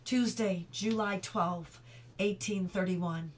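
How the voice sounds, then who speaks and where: A middle-aged woman reading a novel aloud at home, steady and clear, now and then stopping for chatty asides. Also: medium pitch, takes it slowly, slight background noise. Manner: reads steadily, breaks off for chatty asides and laughter. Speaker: audiobook reader.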